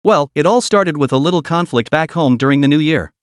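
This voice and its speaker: A hot-tempered young street fighter from a comic story, as a male narrator puts him on. He sounds flustered and defensive, with lively intonation. The sound is dry and close. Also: a little high, fairly quick, clear, resonant tone, no echo, natural voice.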